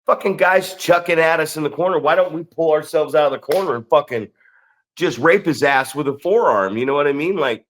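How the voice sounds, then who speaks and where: A man with an American accent co-hosting a wrestling podcast, telling stories in a sarcastic, profane, animated way. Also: a little high, brisk. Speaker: podcast co-host. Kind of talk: casual chat.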